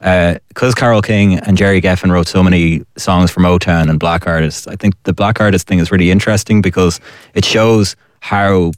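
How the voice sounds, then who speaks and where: A man's voice: sits low, steady tone, a little fast, no echo, studio quality. An Irish man in his late twenties, a guest on a radio panel, talking in a thoughtful, reflective way with hesitant starts. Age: late 20s. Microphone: studio microphone.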